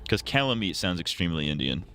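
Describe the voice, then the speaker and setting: A man's voice: sits low, sing-song, quick pace, sharp tone, clear, resonant tone, faint music behind. A young man streaming a game, joking, swearing and rambling in casual crude commentary. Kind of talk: crude live gaming commentary.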